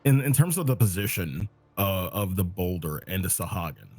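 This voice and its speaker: A man with a very deep voice plays in a tabletop game. He speaks slowly and checks rules as he goes. Faint music hums in the background. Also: expressive, darkish tone. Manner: slow, asks rules questions. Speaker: player. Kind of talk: casual tabletop game chat.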